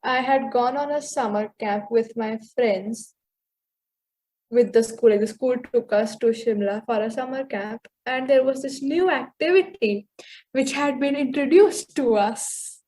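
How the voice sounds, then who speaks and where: A woman's voice: on the high side, unhurried, dark tone. A teenage girl, co-hosting a podcast and chatting casually as she starts her own story. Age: teens. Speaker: podcast co-host.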